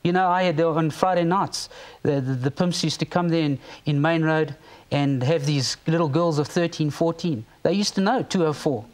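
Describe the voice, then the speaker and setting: A man's voice: on the high side, normal speed. A man from South Africa speaking as a talk show guest, emphatic and fervent, repeating words as he gets worked up. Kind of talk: impassioned studio talk.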